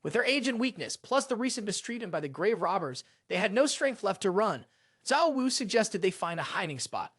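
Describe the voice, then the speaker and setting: A narrator reading a scripted story recap in a brisk, expressive way. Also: medium pitch, breathy edge, dry recording, clean studio sound.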